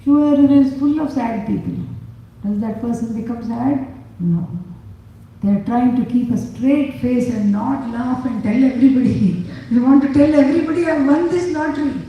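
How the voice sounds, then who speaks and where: A high-voiced woman lecturing on scripture, her mellow tone carried through a very echoey hall. She asks questions and answers them herself, with dry humor. She is recorded from far off on a phone in the audience, with a faint hiss behind her. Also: normal speed, muffled recording. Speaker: spiritual teacher.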